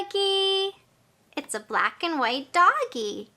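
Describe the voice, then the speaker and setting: A young adult woman teaching toddlers through play, talking in a slow, exaggerated, encouraging sing-song. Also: very high voice, lively intonation, pushed and bright. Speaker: early-childhood teacher.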